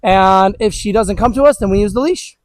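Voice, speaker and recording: A man's voice: high voice, normal speed, rough recording. A man who trains dogs, talking casually through an outdoor lesson with plenty of fillers. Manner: relaxed, chatty, many fillers like "all right". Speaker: dog trainer. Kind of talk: casual instructional talk.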